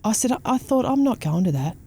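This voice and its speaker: A woman's voice: fairly high pitch, sing-song, fast, mellow, breathy edge. A woman with an Australian accent, hosting a casual chat and talking bluntly, swearing and mimicking people as she tells stories. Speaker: podcast host.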